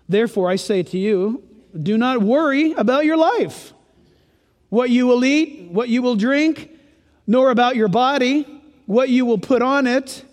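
A man preaching a sermon as pastor, animated and humorous, with playful asides between scripture readings. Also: very high-pitched, measured pace. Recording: long echo of a large hall.

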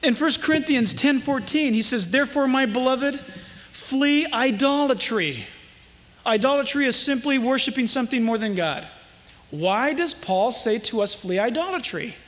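A man preaching a sermon as pastor, with impassioned delivery and emphatic, drawn-out quotations. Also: very high-pitched, expressive, fairly bright tone, big-room sound.

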